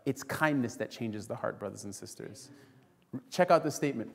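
A man's voice: medium pitch, moderate pace, gravelly, darkish tone. Man preaching in an echoing church. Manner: storytelling, acts out quoted voices, addresses congregation as friends. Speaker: pastor. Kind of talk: sermon. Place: church sanctuary. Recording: long reverb in a church hall.

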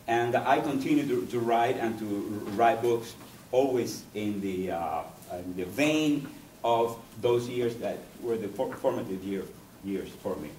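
Male poet, English, halting lecture delivery, distant mic with faint hiss. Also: mid-range voice, darkish tone. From Cuba. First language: Spanish. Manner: halting, digressive, searching for words. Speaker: poet giving a talk. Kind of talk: university lecture. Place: university lecture room. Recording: echoey room, distant mic, faint noise.

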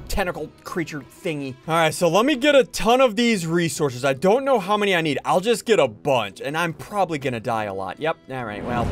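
Excitable high-voiced man narrating gameplay. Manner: excitable, narrates his own moves, yelps and shouts when panicking. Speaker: gaming video host. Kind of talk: Minecraft let's-play commentary.

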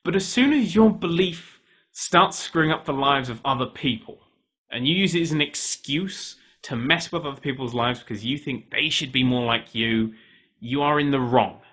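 A man ranting his opinions to camera in a heated, animated way. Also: medium pitch, normal speed. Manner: animated, heated, switching into voices for quoted people. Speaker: video maker.

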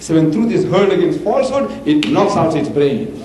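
An older man from Africa, giving an impassioned public lecture and answering questions, with animated, forceful swings of pitch. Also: brisk, hardly any pauses, crowd noise. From South Africa. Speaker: preacher and debater. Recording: roomy hall with faint hiss, archival tape.

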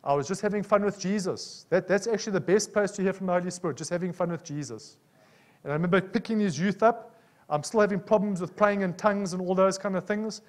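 A man's voice: sits high, fast. A man with a South African accent preaching a sermon, telling personal stories and often asking the congregation "Amen?". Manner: animated, personal storytelling with frequent "Amen?" calls.

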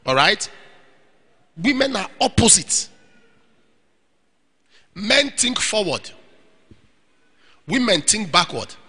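Preacher, male, high and expressive voice, animated sermon to singles, long hall reverb. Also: takes it slowly, long pauses, slightly rough. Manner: animated preaching, acts out little scenes. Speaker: pastor. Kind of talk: sermon to young single men.

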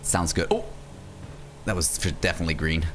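A man streaming a role-play game, chatting in character and breaking into excited shrieks when startled. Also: low voice, a little fast, a little hiss or hum.

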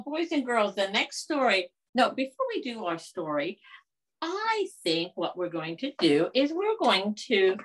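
A woman's voice: on the low side, a bit bright. A woman leading a children's library storytime, reading a picture book aloud in a coaxing sing-song way and asking the kids questions.

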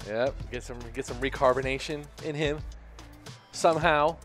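A man's voice: mid-range voice, steady tone, fairly bright tone, faint music behind. A man co-commentating a fighting game tournament, bantering in a rambling way. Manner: rambling, halting restarts.

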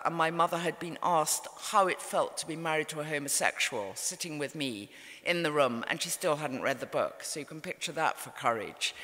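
A woman's voice: on the low side, bright, forceful tone. Woman telling a story in a reverberant hall. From England. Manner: measured, wry storytelling. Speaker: author giving a talk. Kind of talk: storytelling talk on stage. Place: event hall with audience.

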